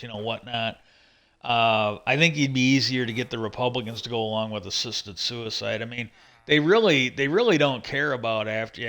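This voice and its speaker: A man's voice: medium pitch, pushed and bright. A middle-aged man hosting a livestream, rambling in casual chat and swearing freely as he retells what he heard. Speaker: livestream host.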